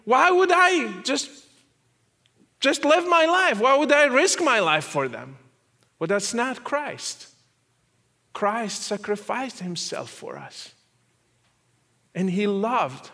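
A man giving an earnest testimony as a guest speaker, repeating phrases and at times dropping to a quiet, soft voice. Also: high-pitched, expressive, takes it slowly, pauses often. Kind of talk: testimony sermon.

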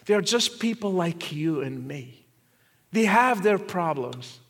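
A man giving an earnest testimony as a guest speaker, repeating phrases and at times dropping to a quiet, soft voice. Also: high-pitched, animated, takes it slowly. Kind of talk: testimony sermon.

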